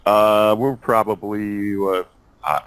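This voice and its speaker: A man's voice: fairly low pitch, steady tone, slow pace, a bit bright, clean tone, rough recording. Rambling man, hesitant with fillers. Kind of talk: casual wrestling chat.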